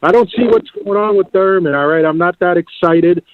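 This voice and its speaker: A man's voice: high voice, brisk. A man calling in to a talk show, crude and sarcastic, heard over a phone line. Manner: crude, sarcastic, calls the host "Chief". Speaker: caller. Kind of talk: call-in chat.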